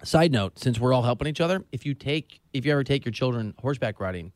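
A man's voice: medium pitch, expressive, fast talker, dry recording. A middle-aged man hosting a sports talk show, chatting casually with sarcastic, self-mocking humor. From Southern California.

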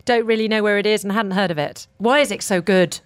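A woman from Britain hosting a casual radio chat interview, playful and quick to laugh as she teases her guest. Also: medium pitch, clean tone, dry recording, studio quality. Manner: playful, laughs often, teasing. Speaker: radio show host.

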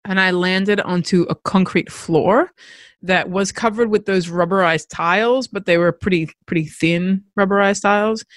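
Candid woman with a gravelly voice. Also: lowish voice, dry recording. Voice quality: creaky, gravelly texture. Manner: candid, reflective, with frequent restarts. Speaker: podcast host. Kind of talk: personal storytelling monologue.

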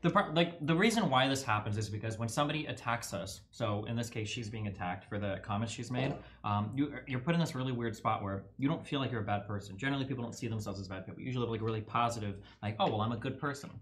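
A man talks very fast on a podcast, laying out his argument point by point. He explains in long, quick runs and barely pauses between thoughts. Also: mid-range voice, a bit bright. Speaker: guest commentator. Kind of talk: casual podcast discussion.

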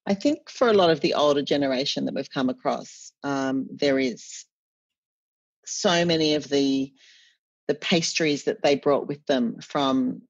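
A woman's voice: a bass voice, unhurried, dry recording. Chatty woman telling stories. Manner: warm, animated storyteller with self-corrections. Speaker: cookbook author guest. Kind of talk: chatty storytelling in an interview. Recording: dull, dry podcast audio.

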